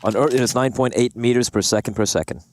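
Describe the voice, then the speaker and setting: A man doing live play-by-play commentary on a competitive game, animated and jokey between calls. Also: medium pitch, fast, a little hiss or hum. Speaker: esports caster. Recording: broadcast with loud game sounds behind.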